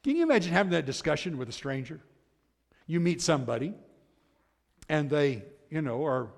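Gravelly preaching man in a reverberant hall. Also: on the high side, normal speed, pauses often. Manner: animated preaching, swings from loud to hushed. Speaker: pastor. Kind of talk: sermon.

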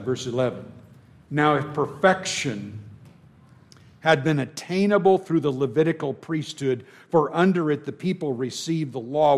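A man preaching a sermon, building to emphatic peaks and dropping to quiet asides as he reads and explains scripture. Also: mid-range voice. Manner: emphatic, swings between rising intensity and quiet asides.

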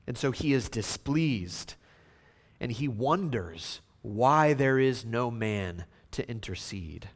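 A man preaching a sermon, swinging between hushed, slow passages and loud, emphatic outbursts. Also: mid-range voice, expressive, in a large hall. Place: church sanctuary.

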